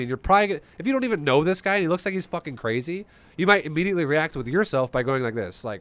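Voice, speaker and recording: A man streaming a strategy game, explaining his play in an animated, swearing, rhetorical way. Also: on the high side, fast talker, few pauses, no room sound. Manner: animated, profane, rhetorical questions. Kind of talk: live-stream commentary.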